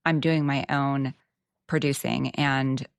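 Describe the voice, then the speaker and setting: A woman's voice: rumbling low, steady tone, takes it slowly, creaky, smooth, dry recording, clean studio sound. A woman with a Texan twang, talking reflectively as a guest on a podcast. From Texas. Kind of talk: casual podcast conversation.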